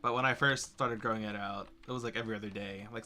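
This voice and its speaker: A man's voice: lowish voice, fast, bright, forceful tone, soft background music. A young man, a game developer, chatting casually with a co-host, teasing and laughing often. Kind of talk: casual chat while working.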